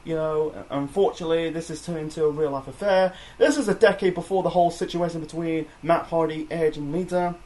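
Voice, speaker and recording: Rambling casual man, slightly high voice. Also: fairly even intonation, a little fast, few pauses, darkish tone. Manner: rambling, many fillers and self-corrections. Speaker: wrestling review host. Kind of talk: casual solo review chat.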